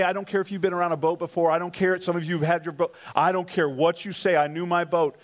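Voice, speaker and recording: A man preaching a sermon, emphatic and repetitive, leading the congregation in call-and-response and telling stories with animated excitement. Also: fast talker, hardly any pauses, rough recording. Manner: emphatic, repeats key phrases, leads the congregation in call-and-response; animated storytelling with rising pitch when excited. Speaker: pastor.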